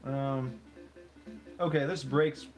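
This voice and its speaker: A man's voice: medium pitch, steady tone, slow pace, a little mellow. A man with a mid-range voice chats casually on a livestream. He argues his points in a dry, stubborn way, and faint game music plays behind him. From United States. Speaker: livestream co-host.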